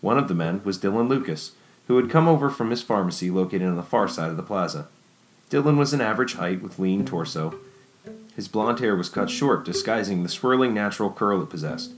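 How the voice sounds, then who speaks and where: Low-voiced male audiobook narrator. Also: expressive, brisk, soft background music.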